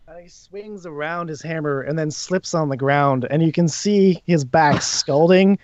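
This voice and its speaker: A man narrating as dungeon master in a tabletop game, lively and quick to laugh, now and then jumping into shouted character voices. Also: on the high side, no echo, muffled recording.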